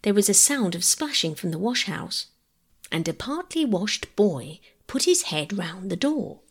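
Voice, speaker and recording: A woman reading a classic children's novel aloud as a calm bedtime story, gentle and measured. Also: medium pitch, breathy edge. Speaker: audiobook reader.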